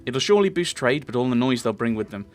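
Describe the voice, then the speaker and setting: A man's voice: mid-range voice, sing-song, fast talker, natural voice. Tired practical trading post guy, a man reading him out, no real voice put on, light music under. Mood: relieved. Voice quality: plain unaltered reading voice. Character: weary frontier trader, older man, practical. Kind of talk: reading game dialogue aloud.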